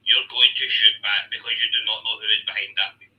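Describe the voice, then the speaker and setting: A man's voice: fairly low pitch, flat delivery, fast talker, distant mic, highs cut off. A man with a Scottish accent calling into a debate, combative and mocking. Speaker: caller.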